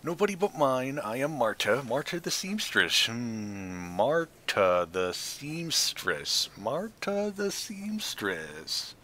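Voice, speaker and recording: A man's voice: mid-range voice, big pitch swings, a little slow, sharp tone, slight background noise, pitched above the performer's own voice, exaggerated voice. A man voicing a mumbling old seamstress woman who talks to herself in a sing-song way.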